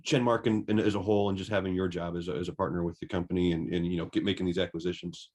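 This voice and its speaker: A man's voice: low voice, fairly even intonation, rapid-fire, darkish tone. A man hosting an interview as an editor, asking loose, rambling questions that restart as he thinks aloud.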